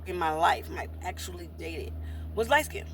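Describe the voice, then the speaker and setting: A woman's voice: fairly low pitch, expressive, moderate pace, a bit bright, slight background noise. A woman vlogging in a casual monologue, talking bluntly and rambling, repeating herself while she eats. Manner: talks while eating.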